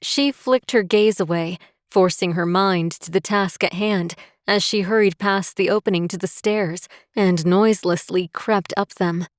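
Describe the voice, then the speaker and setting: Slow, measured woman narrating an audiobook. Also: medium pitch, no room sound, clean studio sound. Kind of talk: scripted narration.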